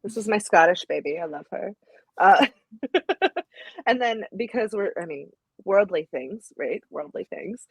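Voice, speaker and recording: Woman podcast host, low gravelly husky voice, playful, dry mic. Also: very animated, a little slow, no room sound. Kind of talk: casual chat.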